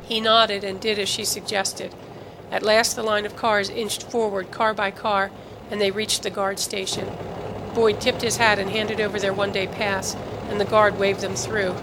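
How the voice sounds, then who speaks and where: A woman narrating a novel as an audiobook, with even, steady storytelling. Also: mid-range voice, normal speed, noisy background. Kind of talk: scripted narration.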